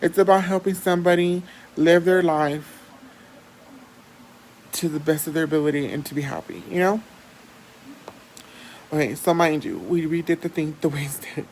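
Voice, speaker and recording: A woman's voice: fairly low pitch, a little hiss or hum, rough recording. Chatty swearing woman vlogger from Texas. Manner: chatty, animated, swears freely. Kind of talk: casual storytelling.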